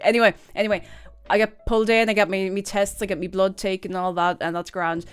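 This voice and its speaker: A woman's voice: mid-range voice, fast, smooth, faint music behind. Chatty Irish woman streamer, laughing a lot. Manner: chatty, laughs often, rambling asides. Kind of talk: casual chat, storytelling to stream.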